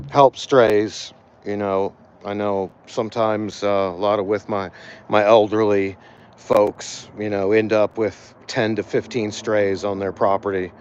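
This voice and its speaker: A weary man with a low voice talks slowly and haltingly through a casual livestream, stumbling over his words and leaning on fillers. He is outdoors by a cat shelter. The phone audio is dull and lo-fi, with faint noise behind him. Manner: halting, many fillers and restarts. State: tired. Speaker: animal rescue volunteer.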